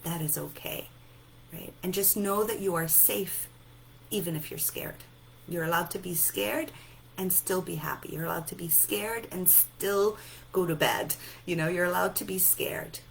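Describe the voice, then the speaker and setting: A sleepy woman giving a gentle self-help talk, softly repeating reassuring affirmations. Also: on the low side, moderate pace, gravelly, slight background noise, rough recording. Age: adult, a mother. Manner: soft, repetitive, reassuring affirmations. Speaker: self-help and EFT speaker.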